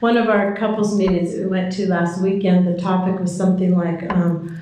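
A woman's voice: lowish voice, fairly even intonation, brisk, warm tone. An older woman sharing her recovery story at a meeting, chatty and self-deprecating, laughing often, with many ums. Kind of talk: personal recovery talk. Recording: very echoey hall with faint noise.

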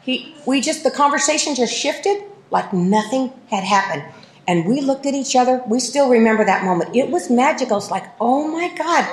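Candid woman sharing her story in an echoey room. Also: a little high. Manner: candid, self-mocking, laughs at herself. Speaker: recovery meeting speaker. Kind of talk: personal testimony talk.

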